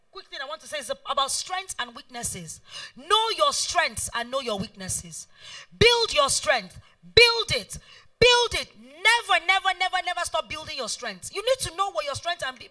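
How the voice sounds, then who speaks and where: A woman's voice: very high voice, bright, forceful tone. A middle-aged woman with a Nigerian accent, an event planner giving a motivational talk, emphatic and fond of repeating key phrases. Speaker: event planner and guest speaker. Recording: voice heard from far off.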